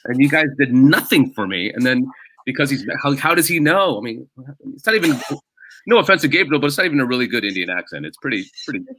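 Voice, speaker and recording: A comedian being interviewed on a podcast, telling animated, self-deprecating stories in casual chat. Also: male voice, medium pitch, fast, a little hiss or hum, low-quality recording. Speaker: comedian guest.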